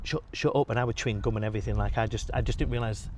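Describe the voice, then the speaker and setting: Man, young adult, rapid talker, slightly low voice, faint background noise. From England. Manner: swears freely, animated storytelling. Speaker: podcast guest, bodybuilder. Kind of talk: casual storytelling.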